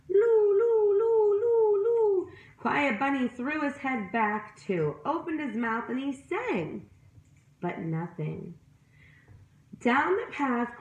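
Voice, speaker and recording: A woman reading a picture book aloud to children, voicing animal sounds and asking her listeners questions. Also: medium pitch. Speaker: storyteller. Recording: roomy echo.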